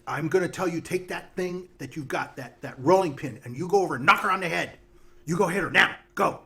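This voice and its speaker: A man's voice: fairly high pitch, fairly quick, vocal fry, a bit bright. Man playing a bossy knife-wielding girl. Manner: barking orders.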